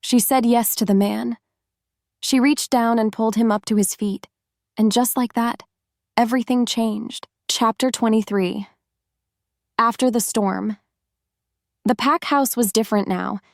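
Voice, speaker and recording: A woman narrating a romance audiobook in an even, steady storytelling manner. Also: on the high side, a little slow, creaky, pauses often, dry recording, clean studio sound.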